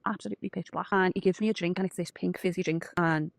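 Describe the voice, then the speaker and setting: Scouse woman, fast and gravelly, blunt swearing storyteller, dry close sound. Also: on the low side, dry recording. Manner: blunt, sweary, animated retelling. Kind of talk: casual storytelling.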